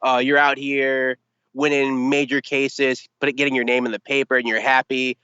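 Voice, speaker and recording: A young man talks sports in a loose, animated way, piling up comic exasperation as he tells the story. His voice is bright and forceful. It comes through slightly dull, with a dry, close sound. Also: mid-range voice, moderate pace, clear, resonant tone, no echo. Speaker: podcast guest, sports commentator. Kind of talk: casual sports chat.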